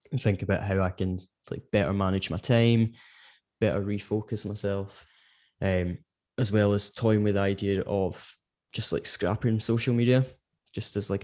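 A man's voice: on the low side, darkish tone. A middle-aged man, co-hosting a podcast in casual, rambling chat. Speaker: podcast co-host.

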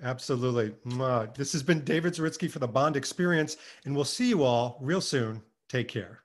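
A man's voice: medium pitch, moderate pace. A man hosting an interview, effusive and encouraging toward his guest, then signing off for his channel. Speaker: host. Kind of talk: casual interview, channel sign-off.

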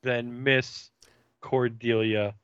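Podcast host, young male, bright and punchy, dull lo-fi recording. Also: medium pitch, extremely slow, smooth, no echo. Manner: animated retelling, acting out character lines. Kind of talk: casual episode recap.

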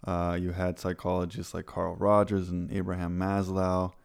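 A man's voice: sits low, completely flat delivery, normal speed, vocal fry, smooth. A man co-hosting a podcast, chatty and playful while explaining background. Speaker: podcast co-host. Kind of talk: casual podcast chat.

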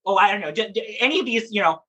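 A woman who performs in drag and reads at story time, chatting in a lively, playful interview and laughing often. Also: medium pitch, very fast, slightly rough.

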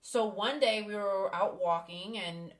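A woman's voice: mid-range voice, measured pace. A woman hosting a podcast, candidly telling a personal story with emphasis. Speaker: podcast host. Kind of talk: casual podcast conversation.

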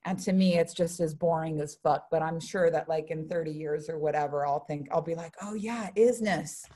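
A young woman giving a live spiritual talk to an audience, blunt and profane, swinging between hushed asides and loud, animated bursts. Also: sits low, fairly quick. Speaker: spiritual speaker.

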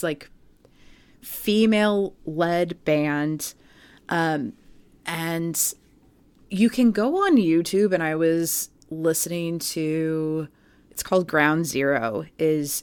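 A woman with a notably low voice tells a story on a podcast in a relaxed, chatty way, full of "like" and "um". The sound is close and dry, with no room around it. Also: smooth, no echo. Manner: chatty storytelling with many fillers. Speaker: podcast co-host. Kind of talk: casual podcast chat.

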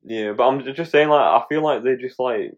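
A man's voice: medium pitch, fairly quick, dull audio. Laid-back young man. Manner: laid-back, sweary, laughing asides. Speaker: podcast co-host. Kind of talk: casual chat.

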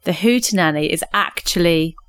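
A woman's voice: lowish voice, normal speed, a little hiss or hum. A woman co-hosting a comedy podcast, gleefully telling a silly prank story and laughing at her own jokes. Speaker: podcast co-host. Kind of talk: comic storytelling chat.

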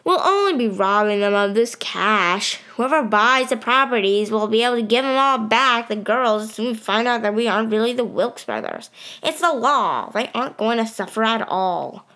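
A woman voicing a smooth-talking older male con man in a storybook reading, persuasive and dismissive. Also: on the high side, animated, normal speed, sharp tone. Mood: scheming.

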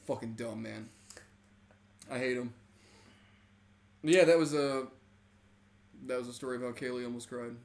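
A man's voice: mid-range voice, fairly even intonation, moderate pace, vocal fry, long pauses. Young guy on a podcast, cussing a lot, cracks up mid-story. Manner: profane, laughing storyteller. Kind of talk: casual podcast chat.

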